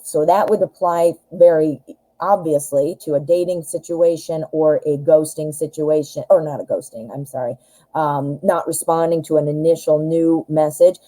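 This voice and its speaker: Woman tarot reader, casual to-camera chat, warm low voice, lots of "um" and "you know". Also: low-quality recording. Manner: chatty, advising directly, frequent fillers. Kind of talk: casual pick-a-card tarot reading to camera.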